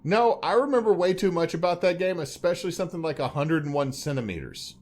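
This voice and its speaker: This Louisiana man co-hosts a podcast, and his voice runs on the high side, quick and expressive with a darkish tone. He rambles through the casual chat, cracking jokes and putting on silly voices.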